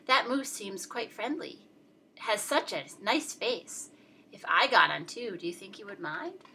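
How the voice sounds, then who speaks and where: A woman's voice: mid-range voice, very animated, measured pace, sharp tone, a little hiss or hum, full character voice. A woman voicing a polite, well-spoken little male spider in a storybook read-aloud, with a courteous manner.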